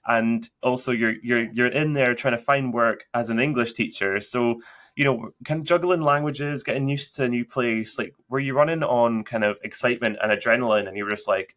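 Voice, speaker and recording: A man conducting a relaxed interview, asking long questions padded with "kind of" and "you know". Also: mid-range voice, brisk. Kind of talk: conversational interview.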